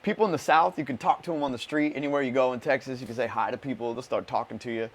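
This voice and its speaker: A man hosting a laid-back podcast chat, full of slang and swearing. He rambles through his stories in a relaxed, unpolished way. His voice sits at an ordinary middle pitch. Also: very fast. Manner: loose, profane, slangy storytelling. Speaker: podcast host. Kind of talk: casual chat.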